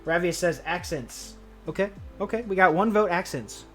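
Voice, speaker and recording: A man's voice: high-pitched, expressive, normal speed, sharp tone, faint music behind. A young man chatting casually on a livestream while building a keyboard, answering viewers in laid-back, slangy banter full of swearing.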